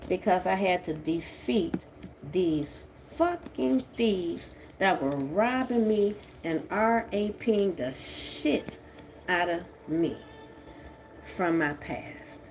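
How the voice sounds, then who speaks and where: A woman doing a tarot reading, talking in a profane, confrontational way that swings from a low mutter to shouting. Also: lively intonation, slow, slight background noise. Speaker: tarot reader. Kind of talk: angry tarot reading monologue.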